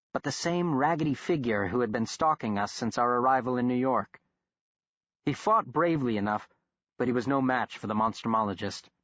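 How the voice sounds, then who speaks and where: A male narrator reads a horror novel in a measured, steady way at a middling pitch. The recording is dry with no room sound. It has a slightly dull, muffled quality. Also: dry recording. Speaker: audiobook narrator. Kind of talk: scripted narration.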